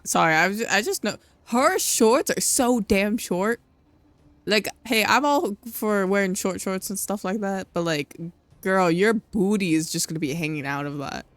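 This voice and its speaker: A woman's voice: medium pitch, expressive, measured pace, dry recording. Woman, streamer, casual game commentary, teasing, giggly, dry close mic. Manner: giggly, teasing, chatty asides.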